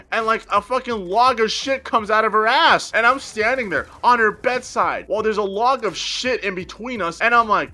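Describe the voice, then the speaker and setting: A man telling a crude, profane comedy story straight to his viewers. His voice is bright and fairly high, and it swoops up and down a lot as he gets worked up. He swears freely and keeps an animated storytelling energy. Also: fairly quick, hardly any pauses.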